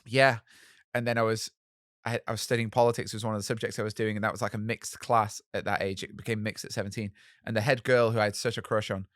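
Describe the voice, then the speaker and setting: Interview guest: man, animated and candid, dry close-miked voice. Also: fairly low pitch, fast, no echo. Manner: candid, self-mocking, animated storytelling with many fillers. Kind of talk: storytelling in a podcast interview.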